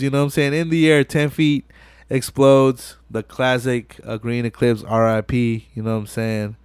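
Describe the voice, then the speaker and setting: A man's voice: medium pitch, level tone, normal speed, a little mellow, clear, resonant tone, dry recording, studio quality. Slangy young man recapping a movie. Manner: slangy and profane, keeps saying "you know what I'm saying". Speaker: podcast host. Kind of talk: casual movie recap chat.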